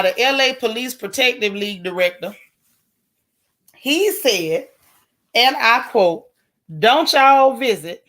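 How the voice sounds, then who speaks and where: Raspy woman chatting. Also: mid-range voice, a bit bright. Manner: chatty, folksy and outspoken, with Southern colloquial phrasing. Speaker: live stream host reading viewer comments. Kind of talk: casual live-stream chat.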